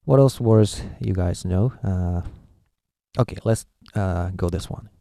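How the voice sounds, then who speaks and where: A man's voice: deep voice, takes it slowly, gravelly, mellow, no echo, studio quality. A man from Japan, a native Japanese speaker with a Japanese accent, giving a casual language lesson, hesitant with many filler uhs as he sounds out syllables. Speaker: language teacher.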